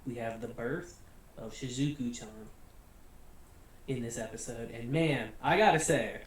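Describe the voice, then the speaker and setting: An American man hosting a casual anime review, chatty and relaxed, laughing often and filling gaps with "you know" and "like". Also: medium pitch, unhurried, recorded from a distance. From United States. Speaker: anime reviewer, channel host. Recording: very echoey room, voice off-mic, faint hiss.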